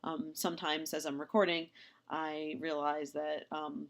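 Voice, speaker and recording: Woman recording a lecture over slides, kinda low voice, lots of ums, gets animated doing little voices in examples. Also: a little slow. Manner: casual, chatty with many ums and restarts; acts out lively quoted dialogue in examples.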